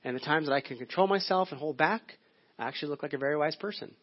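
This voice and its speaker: Higher-voiced man preaching, dull lo-fi sound. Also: fast. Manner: conversational, storytelling preacher. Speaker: pastor. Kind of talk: sermon. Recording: dull lo-fi audio.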